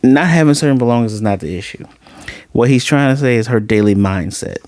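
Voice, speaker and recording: A man's voice: medium pitch, animated, brisk, darkish tone, no echo. A man giving a chatty, amused review of an episode and retelling its scenes. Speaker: anime reviewer.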